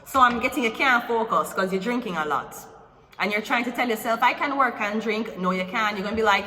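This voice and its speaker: A woman's voice: mid-range voice, lively intonation, fairly quick, background noise. A woman giving a casual tarot reading, talking bluntly and teasing the viewer as she goes through the cards. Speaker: tarot reader. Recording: echoey room with long reverb, faint music.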